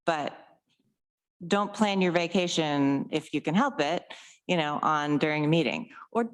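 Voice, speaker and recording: A woman's voice: deep voice, lively intonation, measured pace. A woman legislator in a meeting, plainspoken, reading from the text and laughing easily. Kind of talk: meeting discussion. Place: council chamber.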